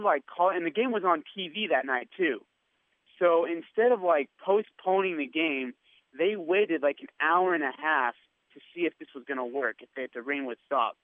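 Animated man over a tinny phone line. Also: on the high side, no room sound. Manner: animated storyteller who acts out quotes. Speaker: radio station worker telling a story. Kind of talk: casual storytelling on a podcast.

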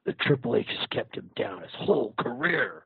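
Male co-host; lively and husky, phone-line quality. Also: medium pitch, normal speed, no echo. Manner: excited, stammering. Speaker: podcast co-host. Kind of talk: casual chat.

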